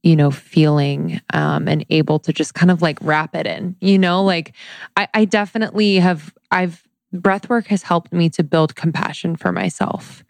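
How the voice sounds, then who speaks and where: A woman's voice: on the low side, moderate pace, creaky, no room sound. A woman hosting a podcast interview who speaks in an enthusiastic and affirming way. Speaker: podcast host. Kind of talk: casual interview chat.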